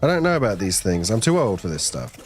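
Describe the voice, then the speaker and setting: A man's voice: on the low side, big pitch swings, fast talker, faint music behind. A young man streaming a game on a team channel, chatting casually with his viewers in a rambling, playful way and now and then slipping into silly voices. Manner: rambling, playful, talks to himself and chat, breaks into silly voices. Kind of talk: casual live-stream chat while gaming.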